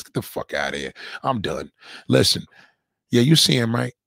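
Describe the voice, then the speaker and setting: A man's voice: mid-range voice, big pitch swings, moderate pace, creaky, pauses often, fairly bright tone, no room sound, clean studio sound. A man hosting a livestream, mocking and heckling a guest in a clip with profane, repetitive commands. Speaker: livestream host reacting to a clip. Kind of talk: profane live commentary.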